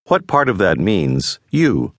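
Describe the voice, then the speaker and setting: A man narrating a scripted language lesson in a measured, patient teaching manner. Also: low voice, wildly swooping pitch, no echo. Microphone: close studio mic.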